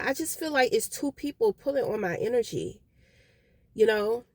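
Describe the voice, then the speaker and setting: Woman vlogger, higher voice, dry sound; profane, rambling rant. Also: lively intonation, moderate pace, dry recording. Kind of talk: casual venting vlog. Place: outdoors.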